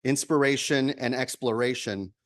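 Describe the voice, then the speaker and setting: A male minister giving a measured, reflective sermon, repeating key lines for emphasis. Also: mid-range voice, a bit bright.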